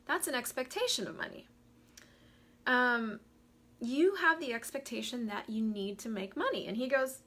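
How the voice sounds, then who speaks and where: A woman talks casually on a live stream, animated and quick to greet viewers by name. Her voice sits a little high and rings very bright and forward. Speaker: host of a live money talk.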